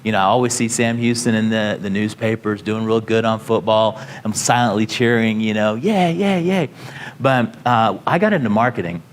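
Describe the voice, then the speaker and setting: A man's voice: on the low side, fairly quick, hardly any pauses. A company founder telling his career story to students, casual and rambling, full of "you know" fillers and restarts.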